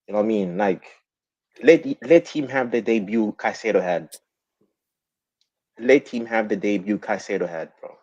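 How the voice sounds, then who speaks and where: A man's voice: on the low side, moderate pace, pauses often, a little mellow, no echo, muffled recording. A man giving emphatic, casual football opinions on a live stream panel, peppering his talk with "bro" and "man".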